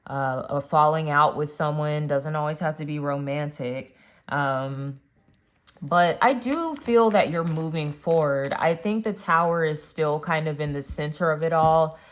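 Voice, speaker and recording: Low-voiced woman doing a tarot reading. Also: unhurried. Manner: chatty, addresses viewers directly with many fillers. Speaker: tarot reader. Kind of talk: casual tarot card reading.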